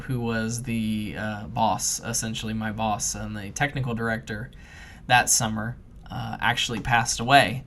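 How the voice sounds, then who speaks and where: A man co-hosting a podcast, telling a casual story with loose, rambling phrasing full of fillers and restarts, and animated when he acts out his own panic. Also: mid-range voice. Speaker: podcast co-host.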